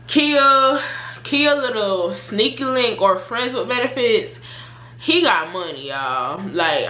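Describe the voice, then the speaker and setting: Chatty young woman with a bright voice. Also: roomy sound. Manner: animated retelling, voices her own past reactions with rising pitch. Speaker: storytime vlogger. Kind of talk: casual storytelling.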